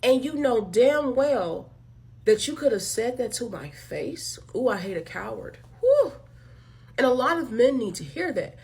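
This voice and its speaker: A woman's voice: fairly high pitch, animated, moderate pace, vocal fry, a little mellow. A woman hosting her own channel, giving a blunt, emphatic, profane commentary rant straight to her viewers and calling them y'all. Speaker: channel host. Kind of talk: direct-to-camera commentary rant.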